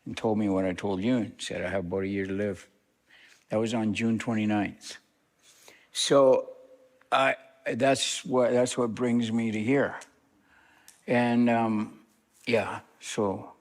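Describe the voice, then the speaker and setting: A man's voice: on the low side, fairly even intonation, slow, pauses often. An older man, a guest minister, telling a personal story to a congregation in a plain, conversational way. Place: church sanctuary. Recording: long church reverb.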